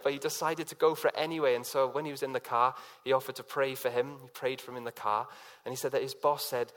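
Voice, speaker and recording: A man's voice: medium pitch, fairly even intonation, fast talker, a bit bright. A man preaching a sermon in a conversational way, telling personal stories and acting out quotes with many fillers.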